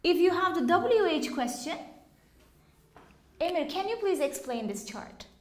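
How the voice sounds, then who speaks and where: A woman teaching an English class, explaining slowly and patiently and quizzing her students. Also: very high voice, big pitch swings, darkish tone. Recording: echoey classroom.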